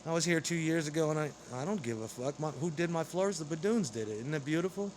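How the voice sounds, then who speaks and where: A man's voice: on the high side, expressive, fast talker, a little hiss or hum. A man delivering an angry, rambling, profane monologue straight to camera.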